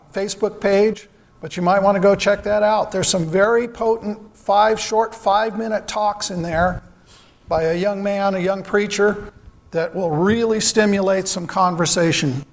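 A man's voice: high voice, long reverb tail. A man giving a sermon to his church, earnest and full of rhetorical questions. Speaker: church speaker.

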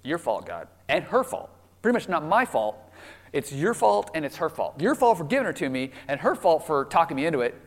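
A man doing a sulky, deep-voiced biblical Adam. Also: very animated, brisk. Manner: whiny, petulant excuses. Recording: long hall reverb.

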